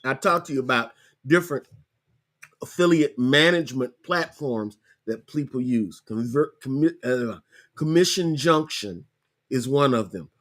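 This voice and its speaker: A man hosting a podcast, casually walking viewers through a screen-share tutorial, repeating himself and spelling things out slowly. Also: mid-range voice, expressive, fairly bright tone. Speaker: podcast host.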